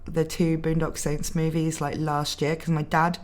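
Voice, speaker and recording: A woman's voice: deep voice, completely flat delivery, normal speed. A young English woman with a slightly posh accent, streaming and chatting casually as she reads out viewer comments, laughing often. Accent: mildly posh English. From England. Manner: giggly, chatty, laughs often between remarks. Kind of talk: casual chat reading live comments.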